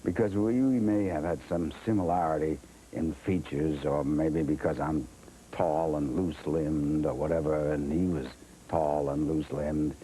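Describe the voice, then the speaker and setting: Older guy telling a wry story about himself as an interview guest, low deep voice, dark mellow tone. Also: steady tone, moderate pace, a little hiss or hum, poor audio. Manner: wry, self-deprecating, acts out other people's words.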